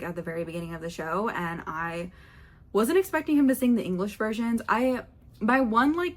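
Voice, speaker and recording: A young woman vlogger telling a rambling, excitable story about a concert, full of fillers and quoted asides. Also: medium pitch. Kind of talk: chatty concert recap vlog.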